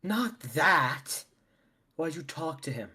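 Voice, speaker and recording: A man's voice: on the high side, big pitch swings, takes it slowly, pushed and bright, a little hiss or hum, voice pushed up, full character voice. A man voicing an impatient, sardonic male detective in a live fan voice acting of a visual novel, with blunt, swearing delivery. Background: game music.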